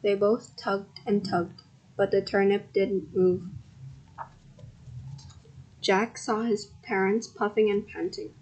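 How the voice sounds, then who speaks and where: A woman reads a children's picture book aloud at a slow, careful pace. Her voice is soft and breathy, and she hosts a podcast for kids. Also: medium pitch, flat delivery, low-quality recording. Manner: slow, careful reading with bursts of loud sound effects. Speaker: podcast host and story reader. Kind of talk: reading a children's story aloud.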